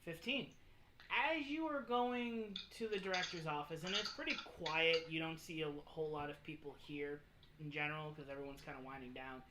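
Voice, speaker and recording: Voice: medium pitch, moderate pace, noisy background. A game master casually narrating a tabletop role-playing session.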